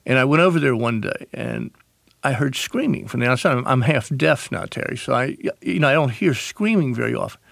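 Gravelly man telling stories. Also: mid-range voice, brisk, no room sound, clean studio sound. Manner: animated storyteller, acts out quoted voices. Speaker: interview guest, author. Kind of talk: radio interview storytelling.

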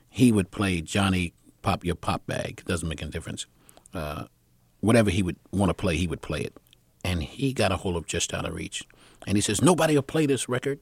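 A man recounts an old tour story in an interview, his voice fairly low and the sound close and dry. He rambles, restarts and jumps into the voices of the people he describes. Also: creaky, breathy edge, no room sound. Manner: animated storyteller who acts out the people in his stories.

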